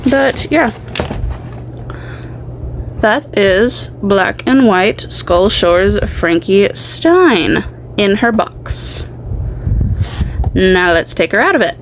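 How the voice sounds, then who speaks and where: A woman's voice: mid-range voice, lively intonation, drawn-out words, long pauses, slight background noise, poor audio. A woman hosting a doll unboxing at home, chatting casually and rambling. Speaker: doll unboxing channel host.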